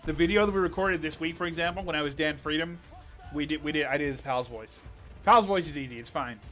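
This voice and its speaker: A man reacting excitedly on a live stream, exclaiming and reading viewer questions. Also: on the high side, fast, soft background music.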